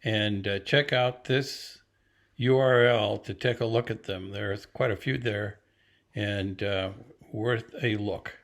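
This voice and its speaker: A man's voice: lowish voice, fairly even intonation, a bit bright. Older man rambling through family stories. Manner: meandering, full of pauses and fillers. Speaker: grandfather telling family stories. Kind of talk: casual rambling storytelling. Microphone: battery-powered recorder or phone. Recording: roomy echo.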